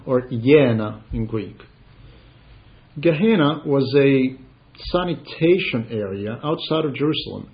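A man preaching a sermon in an earnest, measured way, rising for emphasis. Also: mid-range voice. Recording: dull lo-fi recording.

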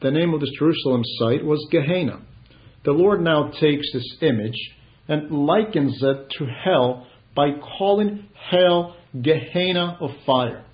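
Male preacher, earnest and measured, somewhat high, muffled old recording. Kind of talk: sermon. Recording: dull lo-fi recording.

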